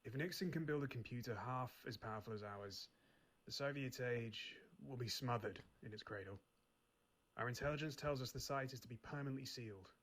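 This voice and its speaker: A man playing a brisk spy chief. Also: mid-range voice, a bit bright, close to an everyday voice. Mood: briefing. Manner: brisk, clipped and matter-of-fact. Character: male spy chief giving a mission briefing. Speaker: game character. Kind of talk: scripted game dialogue.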